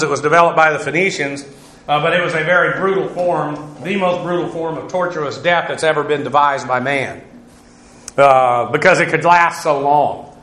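Bright-voiced man teaching a Bible lesson. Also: on the high side, roomy sound, poor audio. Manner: lecturing, frequent "uh" fillers, stops to repeat and rephrase. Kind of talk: verse-by-verse Greek Bible lesson.

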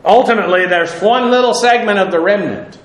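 A man's voice: high-pitched, fairly quick, echoey room, low-quality recording. A man teaching a Bible lesson as a sermon, talking in a loose conversational way with fillers and small laughs.

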